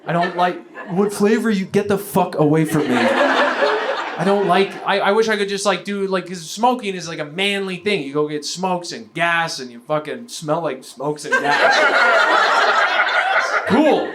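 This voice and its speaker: A man from Canada doing stand-up, his voice sitting a little high as he rambles through stories at his own expense. He breaks into quick voices for the people he quotes. A live mic picks him up with the crowd clearly audible underneath. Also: heavy background noise. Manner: rambling, self-deprecating, acts out quoted people in bursts. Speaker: stand-up comedian. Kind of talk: stand-up comedy set. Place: comedy venue before a live audience. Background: audience laughter.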